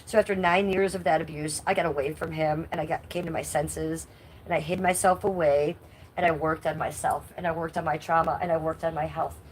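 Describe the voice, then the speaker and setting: A woman's voice: low-pitched, steady tone, a little fast, slight background noise, poor audio. A middle-aged woman with a nasal voice, talking bluntly and indignantly to her chat on a live stream. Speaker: livestreamer.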